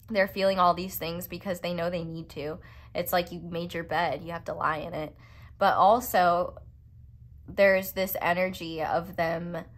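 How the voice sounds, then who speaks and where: A woman's voice: fairly low pitch, a bit bright. A woman giving a casual pick-a-card tarot reading, chatty and rambling with playful, self-mocking asides. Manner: chatty and rambling, full of "like" fillers. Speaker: tarot reader.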